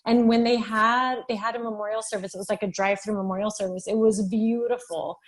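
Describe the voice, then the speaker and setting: A woman in her thirties, a physician assistant, telling her story as a podcast guest, animated and at times tearful. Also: mid-range voice, fairly quick, rough recording. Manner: animated storytelling, acting out dialogue. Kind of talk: podcast interview, personal testimony.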